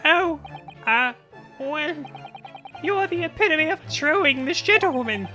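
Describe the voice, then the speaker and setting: A woman voicing a haughty, prim English gentlewoman witness in a fan voice-over of a game, with mock-refined, condescending politeness. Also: sits high, animated, moderate pace, soft background music, pitched below the performer's own voice. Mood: gushing.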